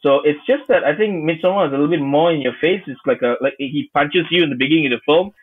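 A man co-hosting a casual film chat, often repeating words and pausing with fillers while he thinks. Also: on the high side, narrow, tinny audio, a little hiss or hum. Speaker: podcast co-host.

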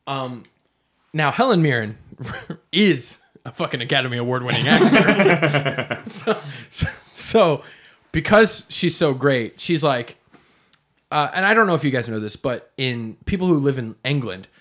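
A man's voice: medium pitch, sing-song, measured pace, a bit bright. A man co-hosting a movie podcast, joking and swearing freely as he chats and often laughing. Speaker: podcast co-host. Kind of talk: casual movie chat.

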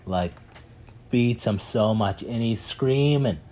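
A man telling a parable in a casual, animated way, with many fillers and repeats. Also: mid-range voice, slow, a little hiss or hum. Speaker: speaker retelling a parable. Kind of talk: animated storytelling talk.

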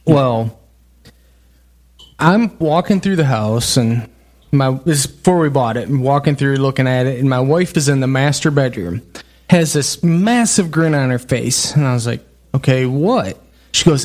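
A man telling a story in casual chat, mimicking his wife in a raised, animated voice. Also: mid-range voice, moderate pace. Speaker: podcast guest.

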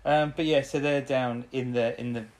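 A woman's voice: a bass voice, fairly even intonation, moderate pace, darkish tone. Rambling woman recapping an episode. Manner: rambling, laughs often, trails off. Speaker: podcast co-host. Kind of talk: casual chat recapping an episode.

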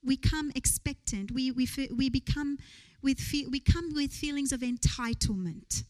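A woman's voice: sits high, normal speed, a little mellow, low-quality recording. A woman preaching a sermon in church, earnest, building to rising rhetorical questions.

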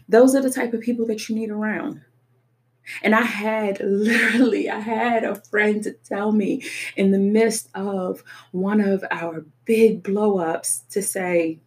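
A woman's voice: medium pitch, a little mellow. A young adult woman speaking earnestly and emphatically about personal experience, often repeating her points. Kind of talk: personal reflective talk.

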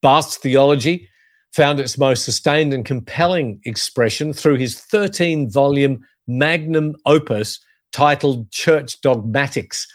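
A man preaching as a pastor, earnest and measured, leaning on key phrases for emphasis. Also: medium pitch, no echo, clean studio sound. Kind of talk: sermon-style teaching.

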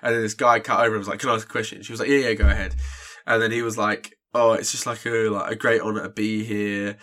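Bright-voiced man chatting. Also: fairly low pitch, flat delivery, fast talker. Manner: rambling storyteller, many "like" fillers. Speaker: podcast co-host. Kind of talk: casual chat.

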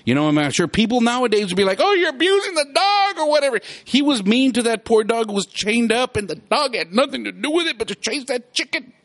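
Animated man hosting a show. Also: very high voice, fairly quick, hardly any pauses. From South Texas. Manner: animated, rambling, laughs often. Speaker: podcast host. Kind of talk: casual chat.

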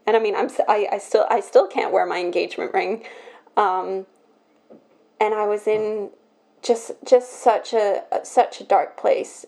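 A young woman opening up on a podcast, her mellow, warm voice catching as she restarts her sentences. She sounds emotional and hesitant, speaking at a middling pitch. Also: fairly even intonation, gravelly. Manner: emotional, halting, many restarts. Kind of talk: personal confessional talk.

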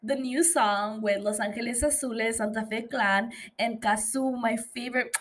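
A young woman on the high side of pitch, with a steady tone and normal speed, hosts a casual solo podcast. She chats loosely and playfully, swearing freely, with frequent fillers and laughter between thoughts.

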